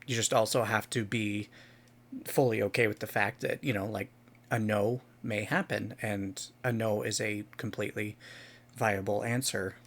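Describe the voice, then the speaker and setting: A man's voice: lowish voice, fairly even intonation, normal speed. Earnest, filler-heavy male podcast co-host. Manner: earnest, filler-heavy with frequent "like", swears casually. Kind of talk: casual podcast chat.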